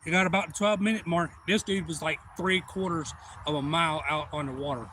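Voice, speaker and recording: A man, rambling through excitable anecdotes on a casual live stream. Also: fairly high pitch, a little fast, a little hiss or hum. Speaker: livestream host. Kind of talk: casual storytelling.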